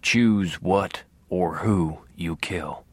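A man voicing the ghost of a stern father who speaks in a slow, hushed whisper. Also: deep voice, dry recording, pitched below the performer's own voice, exaggerated voice.

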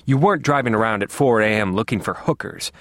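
A man's voice: lowish voice, fast, fairly bright tone, no echo. A man reading an audiobook voices an angry young woman cop who snarls and swears bluntly at her brother, recorded dry and close. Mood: snarling. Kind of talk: audiobook character voice.

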